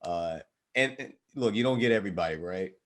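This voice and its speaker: Reflective low-voiced male podcast host. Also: expressive, fairly quick, fairly bright tone. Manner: reflective, explaining. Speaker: podcast host, Navy veteran. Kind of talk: casual interview conversation.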